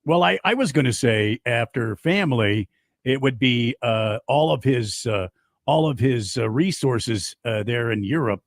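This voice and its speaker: Halting man in sports radio banter. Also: mid-range voice, animated, no echo, studio quality. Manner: brief agreeing interjections, halting with fillers.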